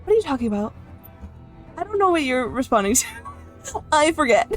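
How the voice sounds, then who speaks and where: A chatty young woman streams from her room, her voice sitting a little high as she giggles and coos at her dog. Faint music plays underneath her casual talk. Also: big pitch swings, normal speed, long pauses. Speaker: livestreamer.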